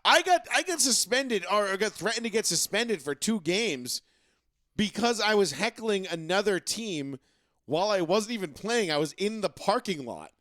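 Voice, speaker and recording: Rambling high-voiced male co-host. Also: animated, moderate pace, fairly bright tone, no room sound, clean studio sound. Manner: rambling, filler-heavy storytelling. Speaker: podcast co-host. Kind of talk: casual sports talk.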